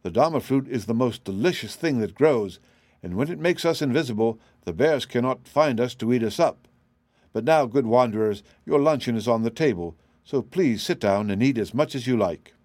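A man voicing a kindly, hospitable invisible woman in an audiobook, in a gentle, welcoming way. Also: mid-range voice, lively intonation, normal speed, dry recording, close to an everyday voice. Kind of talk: audiobook character reading.

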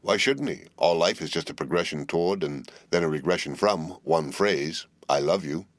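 A man's voice: extremely low pitch, animated, normal speed, dry recording. A man voicing a bored, witty young heiress who talks in a cool, teasing, languid way.

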